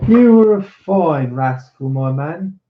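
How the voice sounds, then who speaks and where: A bold, cunning young swordsman with a fairly high, emphatic voice, as a man reads him. He sounds raised and commanding. The recording is dull and lo-fi. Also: animated, takes it slowly, echoey room. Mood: mocking.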